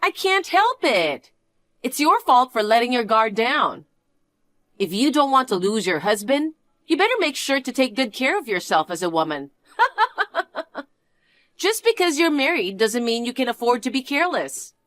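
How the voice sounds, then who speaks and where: A woman's voice: a little high, very animated, moderate pace, fairly bright tone, dry recording. A woman doing a smug, taunting young niece. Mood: whiny, smug. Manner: sneering, sing-song and teasing. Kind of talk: scripted dialogue drama.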